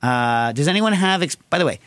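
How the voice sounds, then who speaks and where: A man's voice: a little high, fairly quick, no room sound. A man hosting a podcast, answering listener questions in a casual, rambling style full of tangents. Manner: rambling, tangent-prone, animated storytelling. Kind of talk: casual chat.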